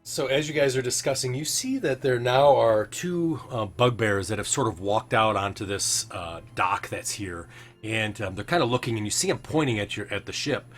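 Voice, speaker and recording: A man narrating as game master of a tabletop game, halting with many fillers and restarts. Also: medium pitch, expressive. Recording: faint background music.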